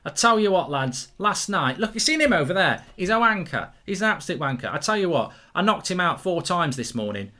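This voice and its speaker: A man's voice: high voice, sing-song, fairly quick, few pauses, bright, forceful tone, voice pushed up, full character voice. A man voicing a boastful, rowdy young male football fan at a bar, who brags in a laddish, show-off way. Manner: cocky, laddish, show-off bragging.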